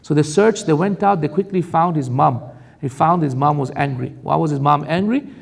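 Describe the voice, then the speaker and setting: A man delivering an emphatic sermon, mixing Arabic recitation with plain explanation and direct warnings to the audience. His voice sits a little high and has a gravelly edge. It carries the long reverb of a lecture hall. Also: normal speed. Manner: recites Arabic verses between English explanation. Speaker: preacher. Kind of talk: sermon-style Quran commentary.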